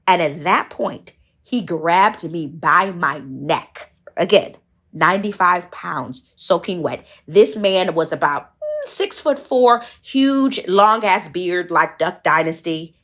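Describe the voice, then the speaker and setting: A woman around forty from Michigan tells her own story to the camera. Her voice sits on the low side but swings widely in pitch, and her delivery is frank, profane and self-mocking. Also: animated, measured pace, bright, forceful tone. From Saginaw, Michigan, US. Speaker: show host telling a personal story. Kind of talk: casual storytelling monologue.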